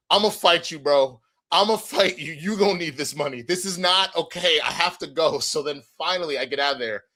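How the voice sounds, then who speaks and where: A young man tells a story on a casual podcast, playing every part himself. His voice is bright and sits a little high, and he swears freely as he goes. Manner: animated storyteller acting out dialogue, swears freely. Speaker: podcast co-host.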